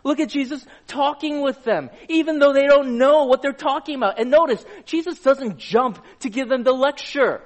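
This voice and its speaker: Male pastor with a high voice, chatty sermon delivery, puts questions to the congregation. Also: normal speed, hardly any pauses. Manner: conversational, asks the audience questions.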